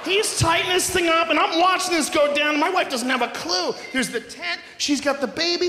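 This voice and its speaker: A man doing a loud, profane stand-up routine in front of a live audience, often breaking into shouts. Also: very high-pitched, expressive, a little fast, few pauses. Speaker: stand-up comedian. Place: large concert hall, live audience. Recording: echoey live hall recording with noise.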